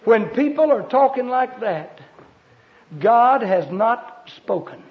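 Man, fervent sermon, very high voice, dull lo-fi recording. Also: expressive, slow pace, a little hiss or hum. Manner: fervent, emphatic Southern preaching with sudden shouts. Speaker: preacher.

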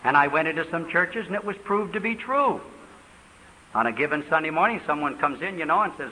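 Fast, fervent older male preacher. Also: fairly high pitch, sing-song, sharp tone. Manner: rapid, fervent and emphatic. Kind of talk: sermon question-and-answer. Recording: reverberant hall, faint hiss.

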